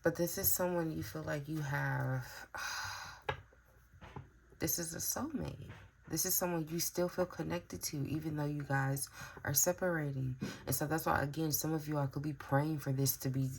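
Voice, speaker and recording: A woman's voice: deep voice, fairly even intonation, moderate pace, creaky, slight background noise. A woman giving a casual tarot reading, musing aloud with frequent fillers and sighs. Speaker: tarot reader.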